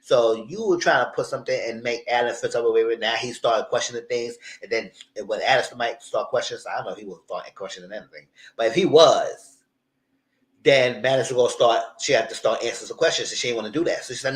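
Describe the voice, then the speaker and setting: A young man hosting a casual live TV recap, animated and slipping into the voices of the people he quotes. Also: medium pitch, quick pace, echoey room, low-quality recording. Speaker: YouTube TV recap host.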